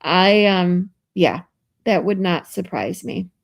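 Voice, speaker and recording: A woman's voice: lowish voice, expressive, slow, creaky, dry recording, studio quality. A woman live streamer chatting casually with her viewers, reading out and answering their comments and laughing often, from a hotel room.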